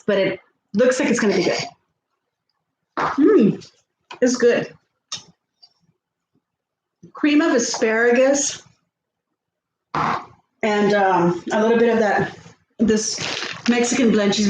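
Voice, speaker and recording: A chatty middle-aged woman talks to her viewers while cooking at home, often laughing and reading their comments aloud. Her voice sits high, and the kitchen echoes around her. A faint hum of ambience sits under her voice. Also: slow, long pauses. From South Texas. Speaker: vlogger. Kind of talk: casual chat while cooking.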